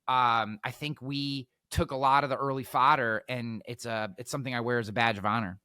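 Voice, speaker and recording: A man telling stories as a podcast guest, energetic, repeating words and acting out quotes. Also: mid-range voice, brisk, clean tone, no room sound, clean studio sound. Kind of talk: animated storytelling.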